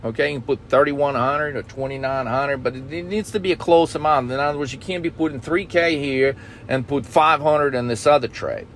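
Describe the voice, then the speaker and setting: A man's voice: medium pitch, brisk, fairly bright tone, slight background noise. A man coaching traders in a blunt, profane talk, often checking in with "okay?". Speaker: trading coach.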